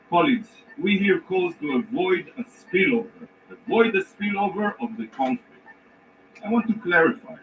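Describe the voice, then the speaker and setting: A man delivers an emphatic, indignant formal address in a large council chamber, pausing deliberately between phrases. His voice sits a little high and comes from a distance. The recording is dull and carries a faint hiss. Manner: emphatic, indignant, measured pauses. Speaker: ambassador addressing the Security Council. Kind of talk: formal prepared speech.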